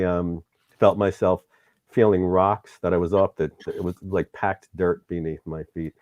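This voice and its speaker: A man's voice: low-pitched, darkish tone, no echo. A middle-aged man, host of the show, candidly recounting a personal story in an interview and acting out the dialogue, sometimes getting emotional.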